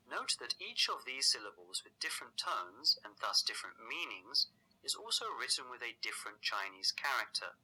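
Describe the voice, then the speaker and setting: A man narrates a scripted language lesson with a measured, explanatory delivery. His voice is very bright and ringing. His pitch moves in lively swoops as he walks through each point. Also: poor audio. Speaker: language teacher.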